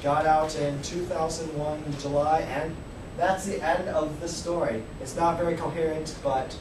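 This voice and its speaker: A man's voice: fairly high pitch, steady tone, a little slow. A young man telling a family story casually and animatedly, pointing out people in photos. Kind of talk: casual spoken storytelling with pictures. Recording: echoey room, distant mic, noisy.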